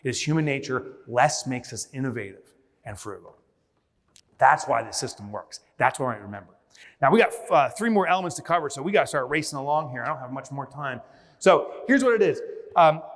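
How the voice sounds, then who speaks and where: Guy doing a keynote, high voice, big hall reverb, acts stuff out a lot. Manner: animated storytelling with acted-out asides. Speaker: keynote speaker. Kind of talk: conference keynote talk. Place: large conference hall.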